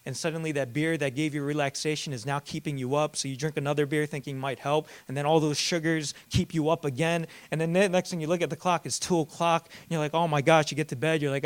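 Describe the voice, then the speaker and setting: A man's voice: on the high side, clear, resonant tone. A man in his thirties preaching a sermon as pastor, talking casually with slang, fillers and many restarts.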